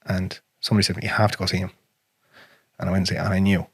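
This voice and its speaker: Fast-talking, husky Irish man. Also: low-pitched, little pitch movement, no echo, studio quality. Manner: frank and profane, drops to a near whisper on painful memories. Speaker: podcast host. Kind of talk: casual conversation.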